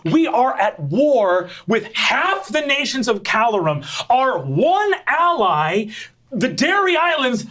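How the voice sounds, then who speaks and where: A game master voicing the eldest princess sister, who scolds and shouts at her younger brother in a very high voice. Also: heavily acted. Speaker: oldest sister Rococo.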